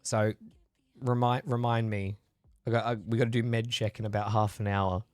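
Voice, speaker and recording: Low-voiced chatty man, coughing. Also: flat delivery, moderate pace, a little mellow, no echo, studio quality. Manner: rambling, chatty, reads and answers chat. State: recovering from a chest infection, coughing. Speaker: livestream host. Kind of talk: casual chat with live viewers.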